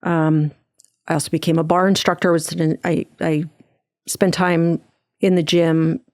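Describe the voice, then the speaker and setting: A middle-aged woman from New Jersey, a podcast guest telling her personal story in earnest, quick bursts with frequent restarts. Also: low-pitched, flat delivery, darkish tone, dry recording, clean studio sound. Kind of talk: personal testimony in a conversational interview.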